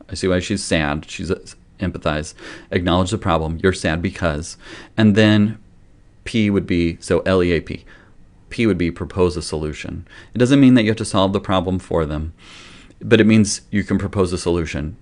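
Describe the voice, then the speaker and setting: A man, a pediatrician, giving parenting advice in a casual, conversational way, gentle and loosely self-correcting as he explains. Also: low voice. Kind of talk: casual explanatory talk to camera.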